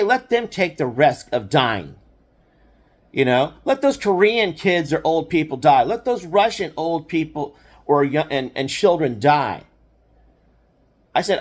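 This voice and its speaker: Older man rambling through a story. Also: sits high. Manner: rambling, indignant, full of fillers and restarts. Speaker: storyteller recounting his past. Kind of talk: casual spoken storytelling.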